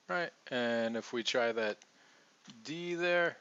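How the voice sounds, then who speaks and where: Male coach, bright tone, patient drill repetition, muffled recording. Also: medium pitch, clear, resonant tone. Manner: patient, repeats example sentences slowly. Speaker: accent coach. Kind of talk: relaxed teaching monologue.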